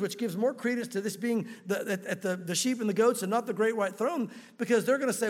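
A man with a strikingly high voice preaches a sermon, earnest and direct, often turning to his listeners with questions. His words trail off into the long reverb of a large hall. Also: quick pace, few pauses. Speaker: pastor.

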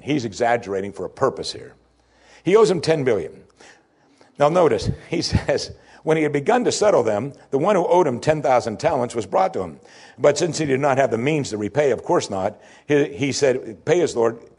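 A man preaching a sermon as a pastor. He swings between soaring, forceful emphasis and soft, low asides. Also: slightly rough.

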